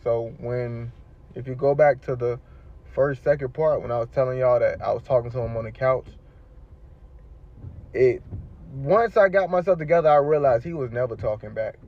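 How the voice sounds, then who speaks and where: Man, casual storytelling, slangy and rambling, mid-pitched voice, dull lo-fi clip sound. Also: normal speed, long pauses. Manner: rambling, slangy, rises when retelling his pleas. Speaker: shooting survivor telling his story.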